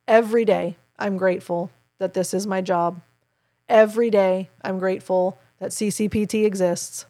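A woman's voice: medium pitch, fairly even intonation, a little fast, dark tone. A woman who works as a child play therapist and hosts a podcast, earnestly explaining her approach in an advice segment and encouraging her listeners.

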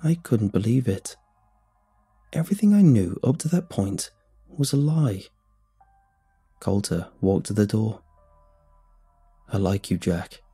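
A man narrates a first-person horror story with dramatic, suspenseful pacing. His voice is low, mellow and very husky, almost breathy. Soft music plays faintly behind him. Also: very animated, unhurried, pauses often.

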